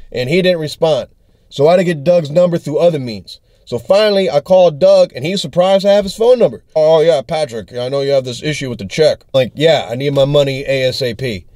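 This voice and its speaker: A man's voice: fairly high pitch, warm tone, no echo, clean studio sound. A young adult man, a touring comedian, telling an angry, profane story in a video diary and acting out the texts and calls. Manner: angry, profane storytelling that acts out text exchanges.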